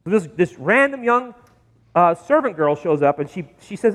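A middle-aged man delivers a sermon from the pulpit, his voice sitting high for a man. He tells the story vividly, slipping into the voices of the people he quotes. The long reverb of the church sanctuary trails behind each phrase. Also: very animated, moderate pace, fairly bright tone. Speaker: pastor.

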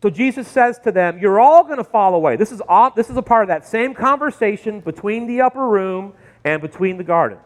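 Pastor guy preaching, high voice jumping all over, big echoey church sound. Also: brisk. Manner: animated preaching with sudden shifts in pitch and loudness. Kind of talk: sermon. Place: church sanctuary. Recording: long hall reverb.

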